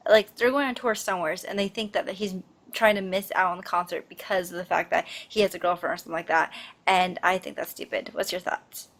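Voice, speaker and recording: A woman's voice: fairly low pitch, steady tone, fairly quick, fairly bright tone. A woman co-hosting a casual pop news chat, talking in a rambling way with many fillers and restarts.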